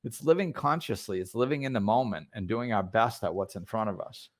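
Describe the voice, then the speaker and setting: A man with a fairly low voice talks through a spiritual story on a podcast. He rambles a little, circling back with fillers and restarted phrases as he goes. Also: brisk. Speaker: podcast host. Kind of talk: casual spiritual talk.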